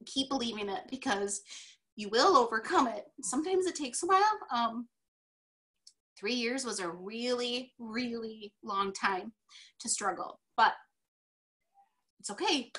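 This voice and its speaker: A teary-eyed woman sharing heartfelt personal experience on a video call, pleading and pausing with frequent ums. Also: fairly high pitch, pushed and bright. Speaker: team member presenting convention notes.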